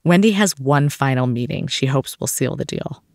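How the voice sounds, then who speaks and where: A man's voice: medium pitch, normal speed, creaky, a little mellow, dry recording. A man hosting a podcast, telling a story in scripted documentary narration with a wry touch. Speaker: podcast host.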